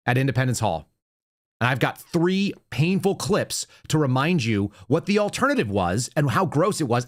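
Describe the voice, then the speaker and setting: A man hosting a podcast, giving casual political commentary in a conversational way, with fillers and self-corrections. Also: medium pitch. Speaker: podcast host.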